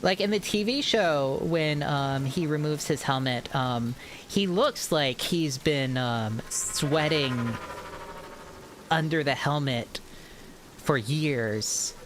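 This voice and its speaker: A woman's voice: low-pitched, slow pace, slight background noise. Chatty Maryland-accented woman streamer. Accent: Maryland American. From Maryland, USA. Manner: rambling, chatty, drifts into tangents. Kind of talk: casual gaming stream chat.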